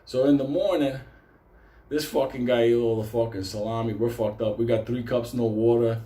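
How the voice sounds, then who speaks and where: A man casually telling a story, animated and swearing constantly. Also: mid-range voice, moderate pace, reverberant.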